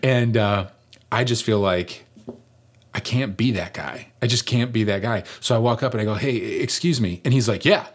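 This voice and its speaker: A middle-aged man preaching, telling a personal story in a conversational, animated way with rhetorical questions. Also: fairly low pitch, normal speed. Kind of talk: sermon storytelling.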